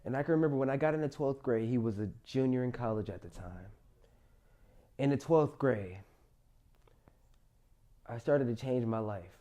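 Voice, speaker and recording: Young man, motivational storyteller, warm low-key timbre, emotional personal monologue. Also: moderate pace, long pauses. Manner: emotional, rises loud then drops quiet.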